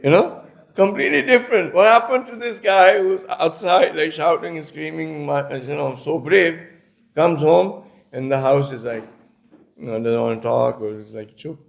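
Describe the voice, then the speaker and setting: A man's voice: on the high side, moderate pace, gravelly. A man delivering a conversational religious lecture, telling stories with many casual asides. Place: community centre lecture.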